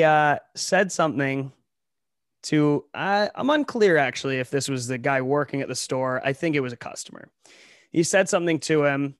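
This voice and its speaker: A man's voice: medium pitch, no echo, studio quality. A young man from Ohio co-hosting a comedy podcast in a casual chat, full of sarcastic, ironic riffs. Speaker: podcast co-host.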